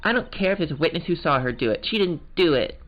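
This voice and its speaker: Using a Valley Girl voice, a man plays an eager sixteen-year-old aspiring scientific investigator. His voice is pushed up on the high side, expressive and fast, yet close to an everyday voice. Game music plays behind a muffled recording.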